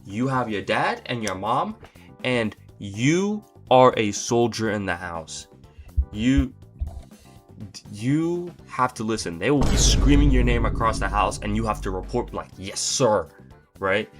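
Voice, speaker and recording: A man's voice: fairly low pitch, lively intonation, measured pace, soft background music. A young man doing a comedic rant to camera, exasperated and incredulous, with exaggerated outbursts. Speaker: comedy vlogger.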